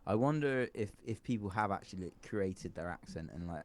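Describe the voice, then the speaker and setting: A man with a low voice who talks quickly, musing aloud and trailing off mid-thought. He chats casually as a podcast co-host. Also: expressive. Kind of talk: casual chat.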